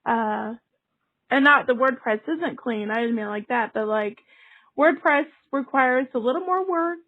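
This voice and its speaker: Giggly high-voiced woman co-hosting a podcast. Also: measured pace, narrow, tinny audio. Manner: giggly, chatty. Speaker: podcast co-host. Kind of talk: casual chat.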